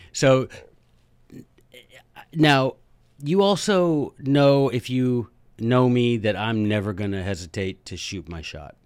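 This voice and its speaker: A man hosting a podcast, telling a story in a chatty, animated way with jokey asides. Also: lowish voice, dry recording. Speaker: podcast host and teacher. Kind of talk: casual storytelling monologue.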